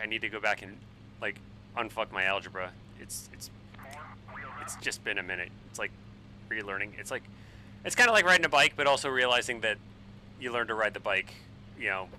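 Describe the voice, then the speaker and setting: Tipsy, profane man with a sharp voice. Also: medium pitch, slight background noise, poor audio. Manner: rambling, profane, excitable. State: tipsy from wine. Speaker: flight sim streamer. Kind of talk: casual live-stream chat while flying.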